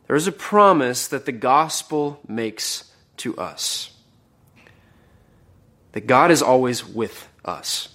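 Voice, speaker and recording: A man preaching a sermon in an earnest voice, rising when he quotes an outburst and dropping to a hush on the heavy lines. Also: mid-range voice.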